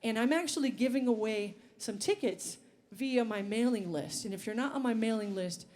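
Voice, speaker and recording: A woman's voice: on the high side, moderate pace, darkish tone. A woman singer and bandleader talking to the crowd between songs, chatty and rambling, on an outdoor festival stage.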